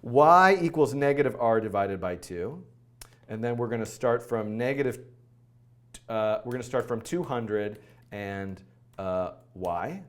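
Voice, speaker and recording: A man hosting a live coding stream, thinking aloud in a rushed, flustered way, full of fillers and self-corrections. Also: medium pitch, animated. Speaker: coding livestream host.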